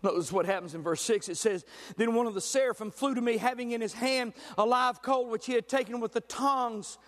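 Male pastor, impassioned preaching from shout to hush, bright high tone echoing through a large sanctuary. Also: fairly quick. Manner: fervent preaching, swings from shouting to near-whispers. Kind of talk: sermon. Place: church sanctuary. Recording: long hall reverb.

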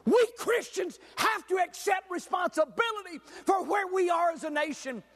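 A pastor preaching a fervent sermon, swinging from shouts down to near-whispers. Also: male voice, very high-pitched. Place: church sanctuary. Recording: long hall reverb.

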